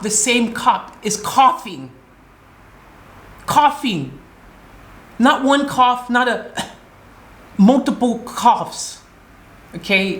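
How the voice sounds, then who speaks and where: An American woman vlogging, telling an upsetting story in an agitated, emotional way and acting out her own replies. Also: mid-range voice. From United States. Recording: roomy echo.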